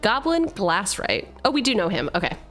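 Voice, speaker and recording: A woman's voice: medium pitch, big pitch swings, moderate pace, fairly bright tone, soft background music. A woman streamer chatting casually and swearing freely while opening card packs, laughing often.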